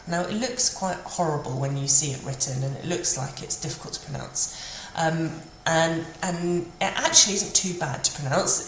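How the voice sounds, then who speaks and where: A woman teaching a beginner language lesson, patiently repeating phrases slowly for learners. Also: lowish voice, slight background noise. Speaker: French teacher. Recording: roomy with faint ambience.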